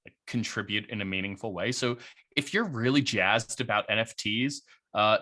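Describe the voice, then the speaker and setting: A man being interviewed on a podcast, talking casually about his work with plenty of fillers. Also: mid-range voice. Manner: relaxed, chatty, many fillers and likes. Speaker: guest, head of strategy at a crypto firm.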